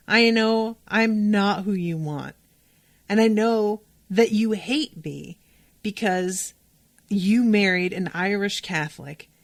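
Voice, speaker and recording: A woman's voice: medium pitch, fairly bright tone. A woman doing a defiant young daughter.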